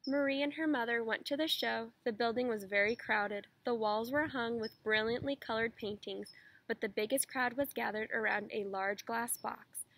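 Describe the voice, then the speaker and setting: A woman's voice: on the high side, moderate pace, low-quality recording. Woman reading a children's story aloud. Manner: steady, expressive storytelling.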